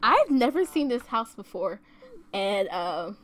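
A woman's voice: mid-range voice, very animated, unhurried, a bit bright. A woman giving casual, chatty let's-play commentary as she plays a life-simulation game, often exclaiming and giggling. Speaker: gaming YouTuber. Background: faint game music.

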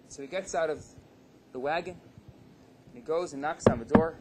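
A rabbi giving a lecture, a dramatic storyteller who acts out the dialogue. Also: male voice, fairly high pitch, moderate pace, pauses often, noisy background.

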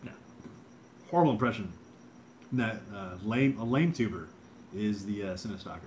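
Low-voiced rambling male streamer. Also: animated, normal speed, darkish tone, a little hiss or hum. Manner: rambling, hesitant, lots of fillers and repeats. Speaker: livestream host reading chat. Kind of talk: casual livestream chat.

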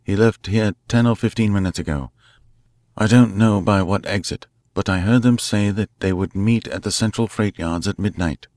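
A man voicing a resourceful male detective, calling out urgently and excitedly. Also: on the low side, moderate pace, dry recording, lightly acted.

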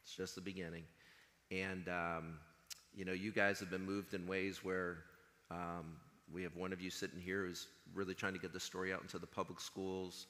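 A man giving an earnest chapel talk to high school students, telling stories and acting out what others said. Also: flat delivery, moderate pace, pushed and bright. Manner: earnest storytelling, quotes others in conversation. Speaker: school chaplain. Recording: long hall reverb.

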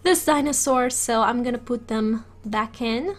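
High-voiced, giggly woman gaming. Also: measured pace, faint music behind. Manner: giggly and excitable, chatting to her game pets. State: a little sick. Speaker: let's play gamer. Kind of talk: casual game commentary.

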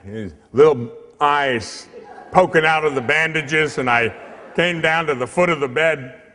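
With a slightly high voice and an unhurried delivery, a priest animates a humorous storytelling sermon, voicing the other figures in his tale. The church recording carries a long hall reverb.

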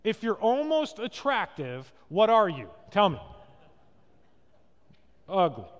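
A male pastor delivers a sermon in a high voice at an unhurried pace. He tells stories with acted quotes and keeps asking the congregation questions. A long church-hall reverb trails his words. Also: very animated, lo-fi sound. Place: church sanctuary.

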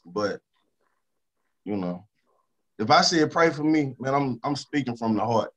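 A Louisiana rapper talking casually in an interview, repeating himself for emphasis and turning quieter when he talks about stress. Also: medium pitch, expressive, a little slow, dull audio. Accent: Southern US, Louisiana. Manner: emphatic and repetitive, drops to a subdued tone about stress.

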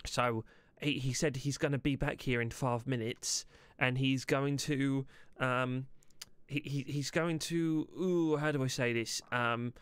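A man's voice: medium pitch, fairly even intonation, unhurried, few pauses, a bit bright, clear, resonant tone, no room sound. A man role-playing as a detective, hesitant and full of fillers. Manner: hesitant, filler-heavy, flustered. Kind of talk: role-play.

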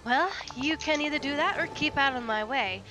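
A woman's voice: high-pitched, moderate pace, close to an everyday voice, rough recording. A woman voicing a brave, protective young lioness, reading game dialogue aloud in her plain everyday voice. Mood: earnest. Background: game music.

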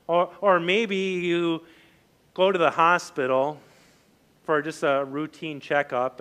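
A man giving a sermon as a pastor, talking conversationally with many fillers and restarts, lively when acting out scenes and quiet when personal. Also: takes it slowly, clean tone. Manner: animated and loud when voicing the disciples, quiet and low when personal.

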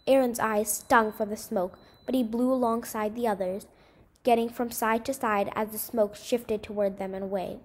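A woman reading a short story aloud in an expressive, dramatic way. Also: a little high, moderate pace.

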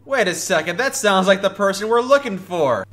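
A man's voice: high-pitched, lively intonation, moderate pace, a bit bright. A man joking dryly with friends while playing a video game. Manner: dry, mocking. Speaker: game player. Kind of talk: casual gaming chat.

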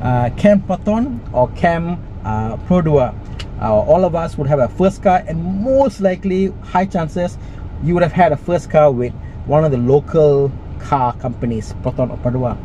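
A man's voice: fairly high pitch, normal speed, mellow, lo-fi sound, a little hiss or hum. A middle-aged man with a Malaysian English accent, chatting enthusiastically through a car walkaround with lots of exclamations. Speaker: car reviewer.

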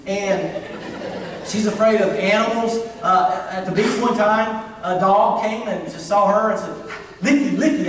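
A middle-aged man, preaching a sermon with funny, animated storytelling. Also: high-pitched. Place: church sanctuary. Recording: distant, echoey church hall.

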